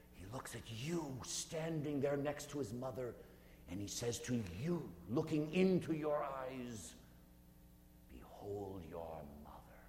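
Brief: male preacher, earnest guided-meditation sermon, roomy echoing hall, faint hum. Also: medium pitch. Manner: earnest, slows down and drops to a hush.

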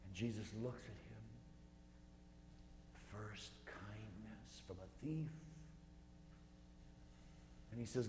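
Brief: male preacher, earnest guided-meditation sermon, roomy echoing hall, faint hum. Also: on the low side. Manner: earnest, slows down and drops to a hush.

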